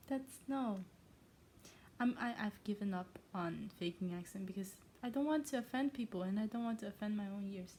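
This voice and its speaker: A young woman reading aloud in a casual way, often stopping to comment and laugh at herself. Her voice is mellow and warm. English is not her first language. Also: mid-range voice, expressive, moderate pace, slight background noise. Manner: self-interrupting, self-mocking asides. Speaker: reader.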